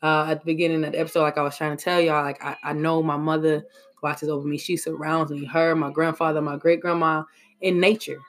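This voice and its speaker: A man's voice: fairly high pitch, little pitch movement, fairly quick. Man vlogging from the heart, slangy and reflective, sighing, stumbling over words. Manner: emotional, reflective, slangy, with sighs and restarts. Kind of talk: casual heartfelt monologue.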